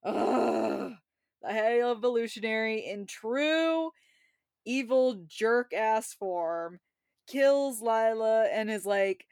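A woman co-hosting a casual film review podcast, retelling scenes with feeling and quoting characters in quick voices. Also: a little high, smooth, dry recording, studio quality. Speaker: podcast co-host.

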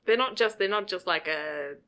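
A woman's voice: mid-range voice, expressive, moderate pace, fairly bright tone. A woman co-hosting a podcast in casual chat, enthusiastic, asking questions and agreeing readily. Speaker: podcast co-host.

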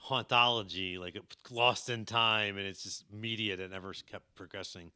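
A man's voice: fairly low pitch, steady tone, moderate pace, sharp tone, smooth, dry recording, clean studio sound. A man chatting casually on a podcast, joking and repeating his lines. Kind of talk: casual chat.

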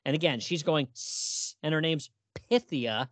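With a fairly bright, highish voice at a moderate pace, this podcast co-host chats casually about vintage horror comics and acts out their dialogue playfully. There's no echo on the recording.

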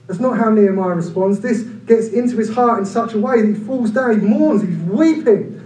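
A man around forty, preaching a sermon in an animated, conversational way with humorous asides. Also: normal speed, slight background noise. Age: about 40. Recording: echoey room from far off, low-quality.

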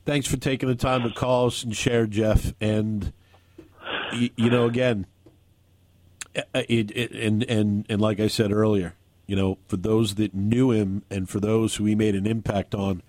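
A man hosting a talk radio show, speaking earnestly and haltingly, often restarting his sentences. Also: fairly low pitch, flat delivery, a little mellow, no room sound. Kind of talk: talk radio, on-air remarks. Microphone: studio microphone.

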